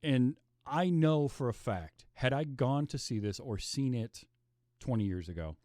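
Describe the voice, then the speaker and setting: A man's voice: medium pitch, lively intonation, a little slow, warm tone, no echo, clean studio sound. A man hosting a podcast, chatting casually about a film and acting out his own reactions as he tells it. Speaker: podcast host.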